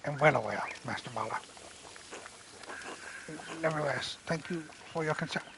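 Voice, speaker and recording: A man voicing a curious, soft-spoken traveling tinker, with game nature sounds behind him. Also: a little high, normal speed, gravelly, noisy background. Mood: earnest.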